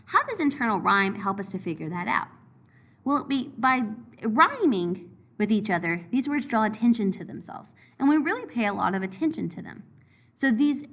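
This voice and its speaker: Woman teacher, clear step-by-step explainer, animated delivery. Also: on the high side. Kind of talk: recorded lesson review.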